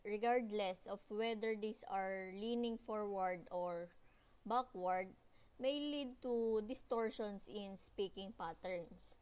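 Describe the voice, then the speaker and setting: A young woman reads out a class presentation at a slow, careful pace. Her voice sits at an ordinary pitch, and she halts now and then to restart a word before carrying on. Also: poor audio. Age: young adult. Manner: halting, restarts words while reading. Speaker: student presenter.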